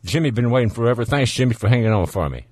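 A man's voice: mid-range voice, animated, very fast, a little mellow, breathy edge, no room sound, studio quality. A man with a Southern accent hosting a call-in radio show, chatting in an easygoing, folksy way. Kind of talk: casual call-in radio chat.

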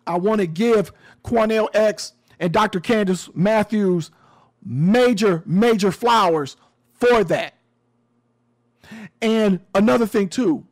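Slow, high-voiced man commenting. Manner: sarcastic, emphatic, repeats phrases. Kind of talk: casual commentary monologue.

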